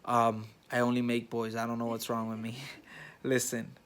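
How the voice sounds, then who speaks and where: A young man talks straight to his viewers, retelling a family event in a loose, rambling vlog style. His voice sits at an ordinary middle pitch, and he keeps circling back with fillers and restarts as the story tumbles out. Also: completely flat delivery, moderate pace, a bit bright, clean tone. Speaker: vlogger.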